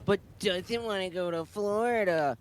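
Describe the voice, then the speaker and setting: A high-pitched man from Virginia talking on a podcast. He rants in loose, profanity-laced chat, piling up filler words as he goes. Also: unhurried. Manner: profane, ranting. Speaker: podcast co-host. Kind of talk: casual chat.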